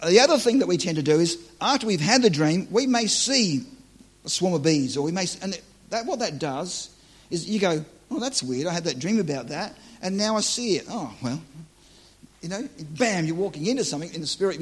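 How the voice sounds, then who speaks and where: Man, joking conversational preacher, husky tone, a little high-pitched. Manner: joking, conversational, self-deprecating. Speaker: preacher teaching on dream interpretation. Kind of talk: live church teaching to an audience.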